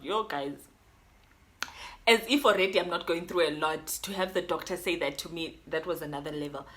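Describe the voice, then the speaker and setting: A young South African woman with a South African accent, telling a personal story in an animated, code-switching way. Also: fairly low pitch, moderate pace. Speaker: YouTuber. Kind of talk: storytime vlog.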